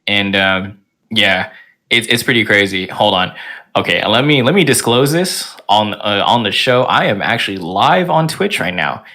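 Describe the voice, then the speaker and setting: Young male guest, low but bright-toned voice, energetic and chatty. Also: moderate pace. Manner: energetic, animated storytelling full of fillers. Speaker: podcast guest. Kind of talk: casual chat.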